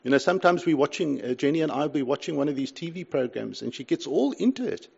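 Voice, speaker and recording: An older man preaching with a high, lively, gravelly voice, lifting to loud pleas and dropping to a hush. His tone is husky, and the recording sounds dull and lo-fi. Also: fast talker. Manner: impassioned preaching with wide swings from loud to hushed. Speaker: pastor. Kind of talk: sermon.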